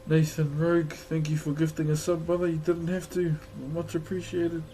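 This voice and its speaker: A man's voice: fairly high pitch, monotone, moderate pace, dark tone, slight background noise. A New Zealand man livestreaming as he carves wood, chatting casually with viewers, swearing often and thanking them as brother. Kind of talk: casual chat to stream viewers.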